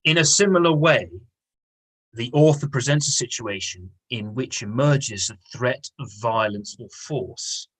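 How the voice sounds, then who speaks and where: A male English teacher with a husky, slightly rough voice. He explains patiently and leans on key words by repeating them. He speaks at an unhurried lesson pace. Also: mid-range voice, low-quality recording. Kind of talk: online lesson with reading aloud.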